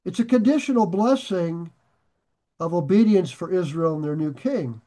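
A man preaching a sermon, talking to his listeners in an easy, conversational way and slowing down to press home key phrases. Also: high-pitched, animated, warm tone. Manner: emphatic, slows and rises to stress key phrases. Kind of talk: sermon on scripture.

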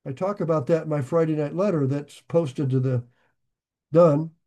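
An older male pastor preaching in a high, lively voice. He talks folksy and plain, dropping jokes between scripture readings and swelling suddenly louder on key points. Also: moderate pace. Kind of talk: sermon.

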